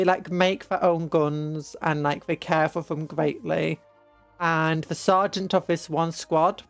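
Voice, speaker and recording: A young British woman streaming a game, rambling through an animated story retelling with casual asides. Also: lowish voice, no echo. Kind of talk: casual chat while playing a game.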